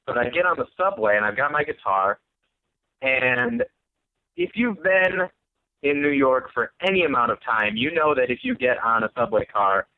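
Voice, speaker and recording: A man's voice: medium pitch, no echo. A young man, a guest musician, telling a story in a laid-back, amused way with some swearing. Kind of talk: casual storytelling. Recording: tinny phone line.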